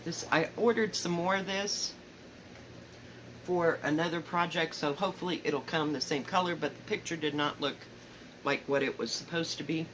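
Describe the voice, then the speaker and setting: A woman with a Southern accent, chatting casually about her stitching at home, rambling, correcting herself and often trailing off softly. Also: low-pitched, moderate pace, slight background noise, low-quality recording. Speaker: cross-stitch vlogger. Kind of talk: casual show-and-tell chat. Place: home, indoors.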